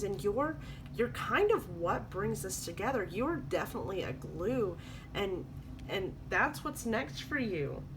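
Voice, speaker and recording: A woman's voice: mid-range voice, big pitch swings, unhurried, noisy background. A woman doing a spoken tarot reading, coaching viewers in an earnest, repetitive way. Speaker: tarot reader.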